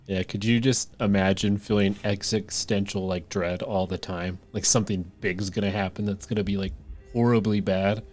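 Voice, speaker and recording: A man co-hosting a podcast, talking in a relaxed, rambling way with lots of fillers. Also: fairly low pitch, moderate pace, soft background music. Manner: laid-back, rambling, many fillers. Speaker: podcast co-host. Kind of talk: casual banter.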